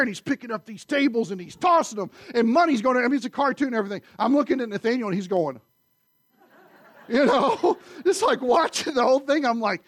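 A man preaches with a high, lifted voice that climbs even higher on his loudest points. He swings between loud emphasis and hushed asides. The sound is close and dry, with no room around it. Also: brisk, no echo. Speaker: pastor. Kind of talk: sermon.

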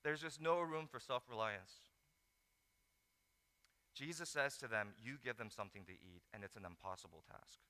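A man preaching a sermon, telling the story with lively acted-out asides. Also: medium pitch, moderate pace, long pauses. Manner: animated storytelling, acts out disciples in mock voices. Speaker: pastor. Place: large hall. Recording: echoey hall.

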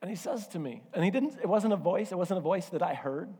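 A male pastor preaching a sermon, telling a personal story in an animated way and acting out voices and asides. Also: high voice, quick pace, husky. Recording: hall reverb.

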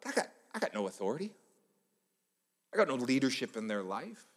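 A man's voice: mid-range voice, very animated, a little fast. A man preaching a sermon in a church hall, telling stories with animation and acting out the people he quotes. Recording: long hall reverb.

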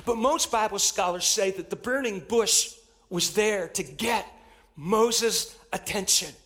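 A man with a notably high voice preaches a sermon to his congregation. He delivers it emphatically, repeating key phrases and building in intensity as he goes. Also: slow, fairly bright tone. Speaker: pastor. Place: church.

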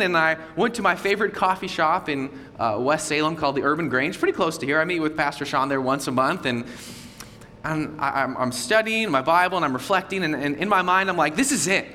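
A man in his thirties preaching a sermon as a pastor, telling a personal story with lively acted-out inner dialogue. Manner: animated storytelling, acting out his own inner voice. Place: church sanctuary. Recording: long hall reverb, faint low rumble.

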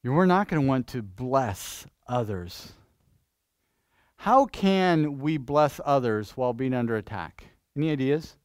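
A pastor preaching in church, lively and questioning, restarting phrases and asking the congregation things. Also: male voice, on the high side, smooth, no echo, studio quality. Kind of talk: sermon.

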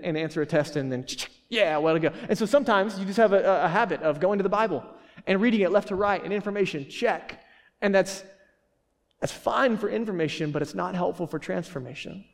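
Male pastor, chatty and joking, many restarts; fairly high voice, reverberant church hall. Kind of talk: sermon.

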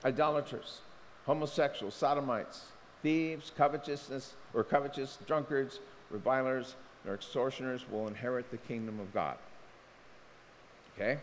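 A man preaching a sermon as pastor, impassioned, his pitch leaping up when he presses a point. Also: steady tone, normal speed. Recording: long hall reverb, faint noise.

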